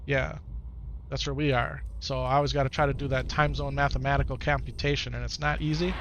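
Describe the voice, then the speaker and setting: This man from Wisconsin, United States, speaks with a Wisconsin accent in a medium-pitched, slightly bright voice, keeping a level tone and brisk pace; a little hiss or hum is audible. He's streaming a video game live, giving commentary while reading chat, chatting easily and often repeating himself.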